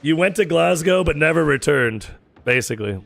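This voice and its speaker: An American man streaming a game and chatting casually with his viewers, joking, teasing and firing off quick questions. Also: a little high, animated, gravelly, a bit bright. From United States. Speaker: gaming streamer.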